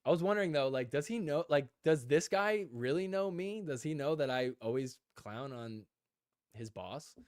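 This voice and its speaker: A young man hosting a casual live stream, telling animated stories and reading chat comments aloud, full of "like" and "dude". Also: fairly high pitch, moderate pace, clear, resonant tone, dry recording, clean studio sound. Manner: filler-heavy, says "like" and "dude" a lot. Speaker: podcast host.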